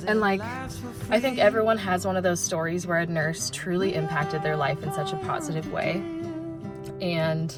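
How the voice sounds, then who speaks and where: A woman's voice: on the low side, steady tone, moderate pace. A young adult woman talking casually to camera as a vlogger, chatty and full of "like" fillers. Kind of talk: casual vlog chat. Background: loud background music.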